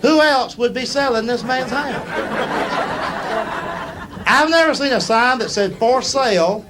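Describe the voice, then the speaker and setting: With a very high-pitched voice and a slightly slow pace, a middle-aged American man tells drawling, folksy stand-up stories at a comedy club. Recorded live on a stage mic, the audio includes crowd noise and audience laughter.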